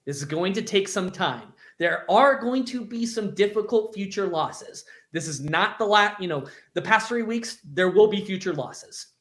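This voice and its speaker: A man co-hosting a sports show, speaking upbeat and emphatic in quick bursts. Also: sits high, animated, fairly bright tone. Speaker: podcast co-host.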